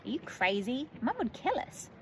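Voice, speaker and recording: A woman's voice: sits high, very animated, normal speed, a little hiss or hum, voice pushed up, low-quality recording. A woman voicing a sensible, skeptical older sister in a storybook reading, blunt and doubtful.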